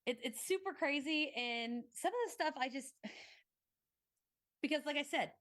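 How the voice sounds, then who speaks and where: Excitable rambling woman podcast host. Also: sits high, a little slow. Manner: rambling, excitable, swears casually. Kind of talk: casual conversational storytelling.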